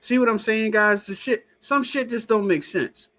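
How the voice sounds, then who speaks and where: A man's voice: sits high, normal speed, bright, forceful tone. A man hosting a casual stream, talking to his chat in a profane, skeptical way. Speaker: show host. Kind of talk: casual live-stream talk.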